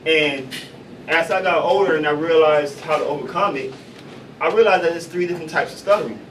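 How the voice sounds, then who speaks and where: Fairly high-voiced stand-up comic man. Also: a little fast. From Chicago, USA. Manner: loose, profane, deadpan punchlines. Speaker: stand-up comedian. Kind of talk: stand-up comedy. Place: coffee house stage. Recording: distant mic, noisy café room.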